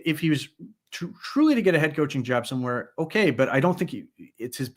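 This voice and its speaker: Animated and conversational, a man with a mid-range voice co-hosts a sports podcast, breaking down the game afterward and often restarting his sentences.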